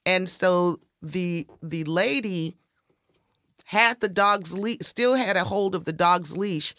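A woman in casual podcast chat, telling a story and acting out the quoted voices with big jumps in pitch. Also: slow pace, fairly bright tone, no echo, clean studio sound.

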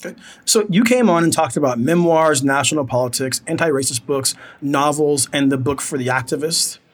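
A man hosting a podcast interview, asking questions in a relaxed, conversational way. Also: a little high, brisk. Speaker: podcast host. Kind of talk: casual interview.

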